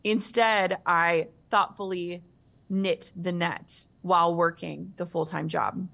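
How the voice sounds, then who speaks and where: A woman in her thirties, a guest author in an interview, telling a personal story in a vivid, animated way. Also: lowish voice, takes it slowly, creaky.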